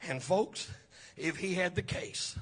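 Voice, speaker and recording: A man's voice: sits high, slow pace, fairly bright tone, breathy edge. A man preaching a Pentecostal sermon, chanting his phrases with "uh" breaths between them.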